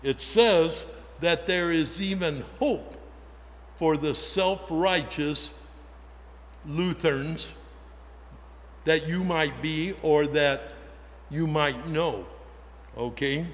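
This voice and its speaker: A man's voice: fairly high pitch, very slow, long pauses, slight background noise. A male pastor preaching a sermon in a conversational way, often putting questions to the congregation. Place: church. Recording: long church reverb.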